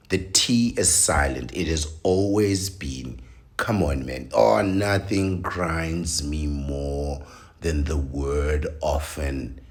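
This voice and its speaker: A man's voice: rumbling low, expressive, measured pace. A man hosting a show, reading an article aloud and breaking off into opinionated, preachy rants. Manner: preachy, rants with rising emphasis.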